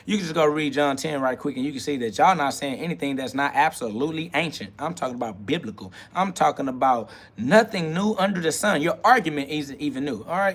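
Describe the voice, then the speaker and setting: A man's voice: fairly high pitch, fairly bright tone. A man hosting a live stream, preaching. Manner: swaggering, slangy, talks back to chat comments. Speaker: livestream host. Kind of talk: casual preaching monologue.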